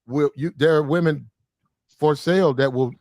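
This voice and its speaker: A man's voice: a little high, moderate pace, a little mellow, dry recording, clean studio sound. Blunt insistent male podcast host. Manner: blunt, insistent, repeats points. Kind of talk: heated panel discussion.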